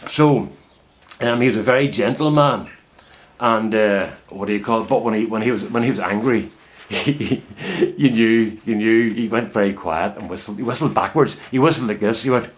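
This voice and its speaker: This middle-aged vlogger has a lowish voice and keeps a moderate pace. Standing in his greenhouse, he talks casually to camera about growing potatoes at home, rambling and thoughtful.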